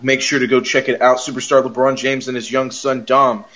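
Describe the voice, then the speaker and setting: A man hosting a podcast, recapping a TV episode in rambling, animated casual chat. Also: medium pitch, fairly quick, muffled recording. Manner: rambling, animated, laughs often. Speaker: podcast host.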